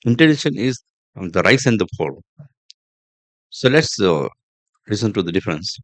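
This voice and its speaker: A man hosts a podcast lesson on pronunciation, his voice sitting on the low side. He talks deliberately and repeats himself, with fillers and restarts along the way. The sound is dry and close, with no room around it. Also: big pitch swings, dry recording. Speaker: podcast host and English teacher. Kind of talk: instructional podcast monologue.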